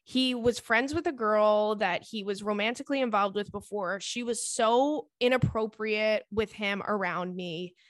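A young woman hosting a casual podcast, reading listener letters aloud and reacting with animated indignation and frequent swearing. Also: medium pitch, a little slow, few pauses, dry recording.

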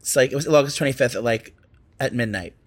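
A man gabbing on a casual podcast as co-host, his words tumbling out quickly in a gossipy, chatty flow. His voice sits in an ordinary middle range. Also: medium pitch.

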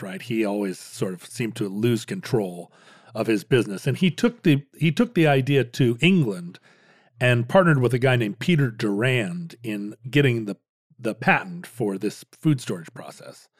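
A man's voice: mid-range voice, expressive, moderate pace, no room sound, studio quality. A man co-hosting a casual history chat, rambling with many restarts and playful jokes. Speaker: podcast co-host.

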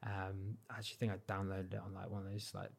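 Young english guy, lowish voice, laid back interview chat, lots of likes and you knows. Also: fast, creaky. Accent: English, not Cornish. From Cornwall, England. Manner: relaxed, modest, lots of fillers like "like" and "you know". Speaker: guest, freestyle football champion.

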